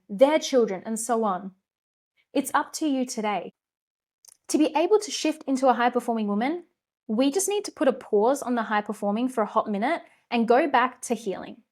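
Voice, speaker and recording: A woman's voice: a little high, a little mellow. A woman hosting her own podcast, giving a passionate, earnest motivational talk with frank, casual swearing. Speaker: podcast host and coach.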